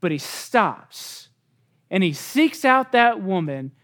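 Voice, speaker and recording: A man's voice: high-pitched, very animated, takes it slowly, a bit bright. A male pastor delivering a sermon to his church, earnest and emphatic, leaning on repeated phrases.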